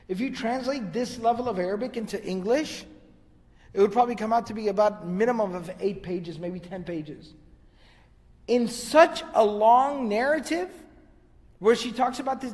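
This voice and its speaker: Male lecturer with a high voice and long hall echo, animated storytelling that moves between Arabic quotations and translation. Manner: animated retelling, quoting Arabic text and translating.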